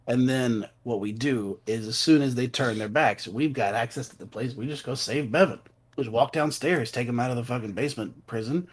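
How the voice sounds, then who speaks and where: Man, husky voice, tabletop player, animated, joking, plotting. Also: medium pitch, a little fast. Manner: animated, swearing, laughing while scheming. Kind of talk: casual tabletop game planning.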